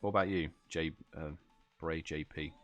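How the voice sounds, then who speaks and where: British male streamer, deep voice, tired, laid-back chat to viewers. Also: steady tone, moderate pace, a bit bright, faint music behind. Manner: chatty, reads out chat messages, yawns and laughs. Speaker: livestream host. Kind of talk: casual live stream chat.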